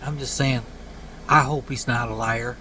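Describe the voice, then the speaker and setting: A man in his late forties delivering a blunt, earnest rant to camera, dropping to low mumbled tags at the ends of lines. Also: fairly even intonation, unhurried, bright, forceful tone, slight background noise, poor audio. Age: 40s. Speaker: vlogger. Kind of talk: casual preachy rant to camera.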